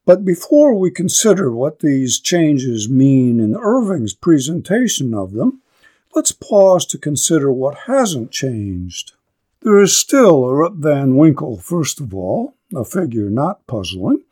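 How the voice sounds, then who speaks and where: A man lecturing on literature, reading a classic story aloud slowly and deliberately, then commenting on it. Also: medium pitch, big pitch swings, darkish tone, husky.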